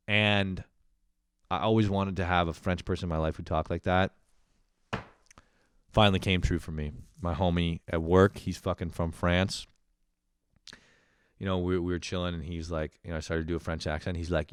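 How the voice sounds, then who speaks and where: Low-voiced man rambling profanely. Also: brisk, clear, resonant tone, dry recording, clean studio sound. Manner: rambling, profane, laughing at his own stories. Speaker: podcast host. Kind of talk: casual comedic monologue.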